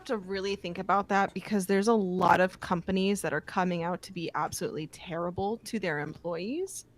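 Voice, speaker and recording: A woman's voice: fairly low pitch, fairly quick. A woman guest on an interview, a voice actor, easygoing and enthusiastic, laughing often. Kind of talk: casual online interview.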